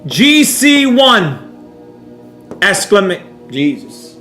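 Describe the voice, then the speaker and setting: A man's voice: high-pitched, very animated, extremely slow, bright, forceful tone, echoey room. A man teaching a live trading class in a brash, mocking, rambling way, with faint music behind. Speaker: trading instructor.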